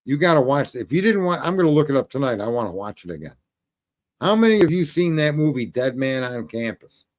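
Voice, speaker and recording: A man's voice: mid-range voice, big pitch swings, brisk. A man hosting a call-in livestream, telling stories in a rambling, profane, casual way and laughing at his own jokes. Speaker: call-in show host.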